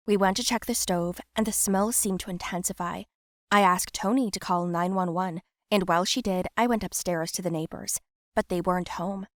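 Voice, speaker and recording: A woman's voice: on the low side, normal speed, dry recording, studio quality. Young woman narrating a story. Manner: plain, steady first-person telling.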